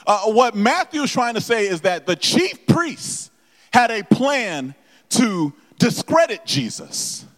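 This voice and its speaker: Male preacher, high voice, halting delivery, long hall echo. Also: sing-song, a bit bright. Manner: halting with many repeated words and fillers, addresses the congregation directly. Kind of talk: sermon.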